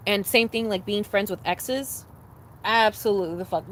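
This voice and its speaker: A woman's voice: mid-range voice, animated, normal speed, a little hiss or hum. A young adult woman ranting to camera in a blunt, profane way, repeating herself for emphasis. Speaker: vlogger. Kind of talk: casual rant to camera.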